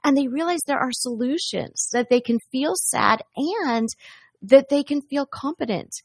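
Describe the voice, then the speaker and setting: A woman's voice: sits high, a little slow, gravelly, a little mellow, dry recording, studio quality. A woman talking earnestly in a conversational podcast about feelings, acting out quoted dialogue as she goes.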